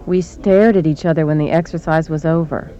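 A woman teacher narrating her classroom experience in a measured, reflective way. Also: deep voice, fairly even intonation, mellow, muffled recording. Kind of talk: scripted narration.

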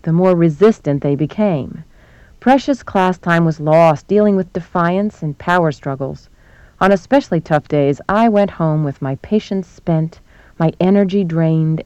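A woman's voice: lowish voice, mellow, no echo. Reflective woman narrating, dry and close. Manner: reflective, measured storytelling. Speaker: teacher and narrator. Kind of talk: scripted narration.

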